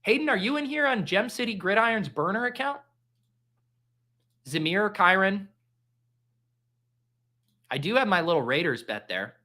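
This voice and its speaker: A man's voice: high voice, sing-song, moderate pace, pauses often, pushed and bright. A man hosting a casual fantasy football draft live stream, rambling and joking at his own expense while he reads the chat. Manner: rambling, jokey, self-deprecating.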